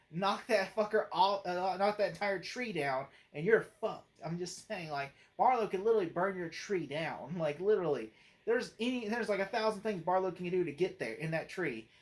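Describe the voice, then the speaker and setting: In a high voice, a man who critiques movies and hosts a channel chats through a film in a laid-back review. His talk wanders from point to point, full of "like" and "you know," with frequent bursts of laughter.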